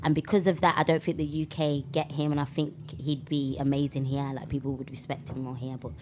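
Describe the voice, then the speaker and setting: A woman's voice: low voice, a little fast, slight background noise. A young woman with a Birmingham accent, a rapper talking animatedly in a casual interview. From England. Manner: animated, with fillers and restarts. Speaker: rapper, guest.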